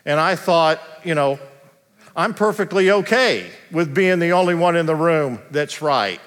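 A male pastor, preaching a sermon in a conversational, humorous storytelling manner that slows into earnest preaching. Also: a little high, a bit bright. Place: large church sanctuary. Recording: long reverb of a large hall.

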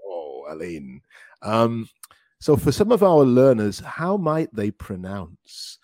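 A man hosting a podcast English lesson, encouraging his student and repeating words slowly to practise pronunciation. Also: on the low side, huge pitch swings, darkish tone, dry recording, clean studio sound. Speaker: English teacher and podcast host.

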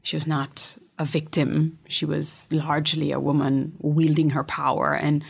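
Low gravelly woman telling a story. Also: level tone, unhurried. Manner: reflective, often dropping to a soft whisper. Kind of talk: casual storytelling chat.

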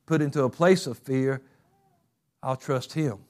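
A male pastor preaching a sermon, talking casually and then building up to fervent, shouted stretches. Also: medium pitch, measured pace.

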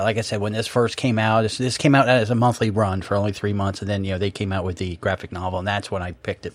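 Brief: middle-aged male co-host, low voice, halting talk, dry video call. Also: dry recording. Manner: halting, rambling, many fillers. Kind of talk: casual chat.

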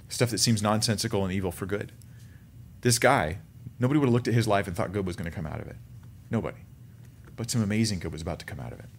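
Lower-voiced man preaching casually. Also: husky. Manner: conversational teaching, animated asides. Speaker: pastor. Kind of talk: sermon.

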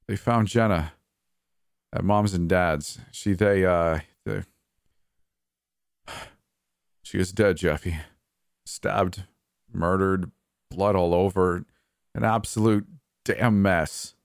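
A man voicing a shaken older brother who speaks haltingly and sternly over the phone. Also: sits low, steady tone, creaky, dry recording, studio quality, full character voice.

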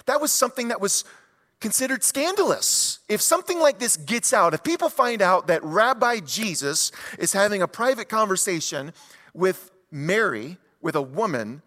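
This pastor tells stories with animation during his sermon and poses rhetorical questions to the congregation. He has a high-sitting voice, and the recording has a big-room sound.

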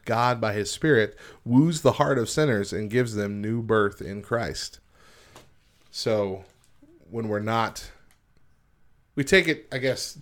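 A man co-hosting a morning radio show, reading news and articles aloud and chatting loosely with a frequent laugh. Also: on the low side. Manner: laughs often, reads aloud then riffs loosely. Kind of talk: casual radio chat and reading.

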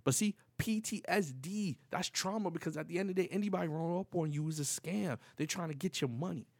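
Gravelly New man telling stories. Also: on the high side, fairly quick, no room sound. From New York City. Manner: animated, profane street slang, acts out quoted dialogue. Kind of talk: casual storytelling.

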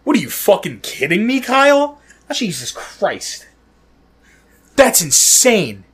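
A man's voice: sits high, slow pace, slightly rough. A man co-hosting a casual gaming podcast, joking and swearing a lot. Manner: profane, joking, animated. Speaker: podcast co-host.

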